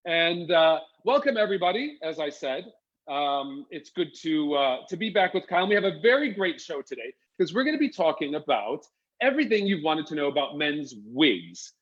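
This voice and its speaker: A man's voice: fairly high pitch, very animated, normal speed, a bit bright, highs cut off. A man hosting a casual live chat, playful and camp, putting on a mock-posh accent. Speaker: host.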